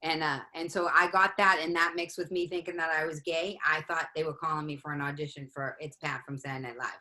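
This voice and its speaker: A woman's voice: low-pitched, quick pace, rough recording. A woman from the Boston area telling a comic story in a casual chat among friends, acting out the people in it. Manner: animated, acts out voices in her story. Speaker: comedian guest.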